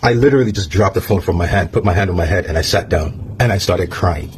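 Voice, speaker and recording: Guy ranting his family drama to the camera, talks fast, cusses a lot, kinda low voice. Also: slight background noise. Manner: blunt, profane, emphatic repetition. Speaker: vlogger. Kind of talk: personal storytime rant.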